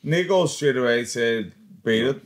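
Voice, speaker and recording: A man's voice: medium pitch, expressive, measured pace, crowd noise. A man co-hosting a podcast, chatting casually with short reactions and laughs. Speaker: podcast co-host.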